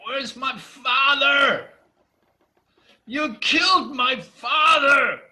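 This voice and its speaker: A man voicing a furious, grieving giantess who speaks in loud, defiant declarations in a spoken storybook tale. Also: deep voice, moderate pace.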